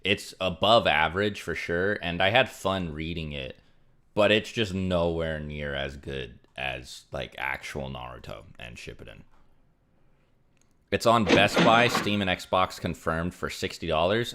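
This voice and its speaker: A man's voice: sits low, very animated, measured pace, a bit bright. A young man casually chatting on a livestream, rambling with many fillers as he reads out donations. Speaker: streamer.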